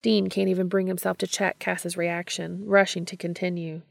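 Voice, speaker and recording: A woman giving a steady, scripted narration of a romance story. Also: lowish voice, normal speed, gravelly, few pauses, dry recording, clean studio sound.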